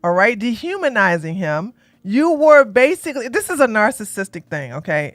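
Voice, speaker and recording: A woman doing blunt, sassy reaction commentary, ranting loudly and laughing between clips. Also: mid-range voice, lively intonation, normal speed, no room sound. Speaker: commentary streamer.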